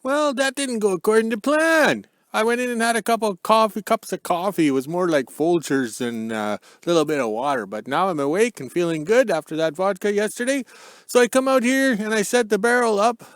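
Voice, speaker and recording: A man's voice: high voice, animated, a little fast, no echo, studio quality. A man, rambling and joking in a folksy way, recording a casual vlog outdoors in the cold on his phone. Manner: folksy, joking, ends sentences with "eh". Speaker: vlogger. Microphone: phone camera.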